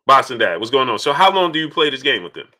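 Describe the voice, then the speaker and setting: A man hosting a casual live stream, shouting out viewers by name and repeating his points in an animated way. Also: medium pitch, fast talker. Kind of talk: casual live-stream chat reading super chats.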